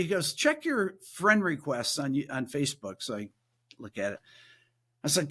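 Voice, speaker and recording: A man appearing as a guest musician and producer casually recounts a story in a podcast interview. His sing-song, slightly bright voice moves at a moderate pace, and he performs quoted voices in a higher pitch.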